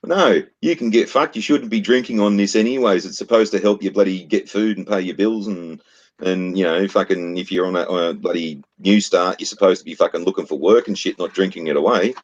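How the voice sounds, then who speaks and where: Aussie bloke ranting, swears a lot, lowish voice. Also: male voice, a little fast, dull audio. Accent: Australian. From Australia. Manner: profane, blunt ranting. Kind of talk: casual chat.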